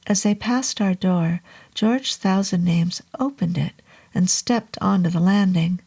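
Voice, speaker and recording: A woman reads a horror novel aloud, slow and hushed, with a low, husky voice. A gravelly fry runs through her words, and she drops to a whisper now and then. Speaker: narrator. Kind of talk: audiobook horror narration.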